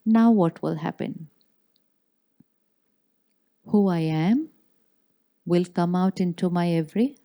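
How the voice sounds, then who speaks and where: Calm, mellow woman teaching. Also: lowish voice. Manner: slow, calm affirmations with deliberate pauses. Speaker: spiritual teacher. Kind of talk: spiritual talk to a live audience. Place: large hall.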